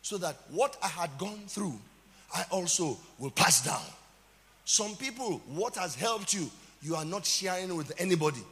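A man's voice: high voice, very animated, normal speed, fairly bright tone, big-room sound. A man with a Nigerian accent, a pastor preaching a sermon with dramatic emphasis and calls out to the congregation.

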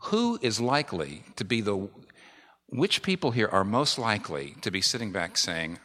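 Man, pastor, sermon, emphatic and repetitive, fairly low voice, long hall reverb. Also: moderate pace. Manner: animated, emphatic preaching with repetition.

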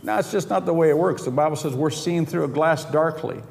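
Chuckling preacher in a big reverberant hall. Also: male voice, on the high side, fairly quick, vocal fry, a little mellow. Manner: storytelling with chuckles, quoting dialogue in his own voice. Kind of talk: sermon. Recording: reverberant hall, faint background noise.

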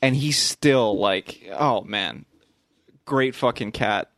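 A man's voice: mid-range voice, a bit bright, dry recording. Podcast co-host, male, blunt and profane, dry booth sound. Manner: profane, emphatic, halting with restarts. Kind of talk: casual chat.

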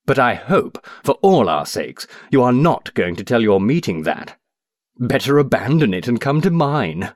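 A man's voice: mid-range voice, very animated, normal speed, no room sound, studio quality, pitched above the performer's own voice. A man voicing an irritable, aggressive politician who speaks brusquely and sarcastically in a storybook reading. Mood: irritated.

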